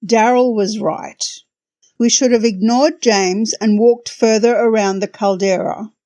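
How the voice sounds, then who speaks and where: A woman's voice: fairly high pitch, fairly even intonation, a little slow, dark tone, dry recording. A woman hosting a podcast, narrating a travel story from a script with wry, dry humor.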